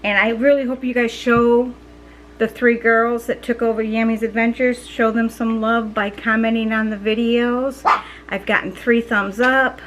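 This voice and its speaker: A middle-aged woman chatting casually to her viewers in a rather high voice. She rambles, restarts her sentences and leans on fillers as she goes. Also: little pitch movement, normal speed, poor audio. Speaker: vlogger. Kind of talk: casual chat to camera.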